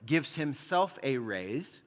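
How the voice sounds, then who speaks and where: A man's voice: mid-range voice, big pitch swings, takes it slowly. A man preaching a sermon with a mid-range voice. He explains things conversationally, filling his talk with casual "like"s. His voice rings with the long reverb of a church hall. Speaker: pastor.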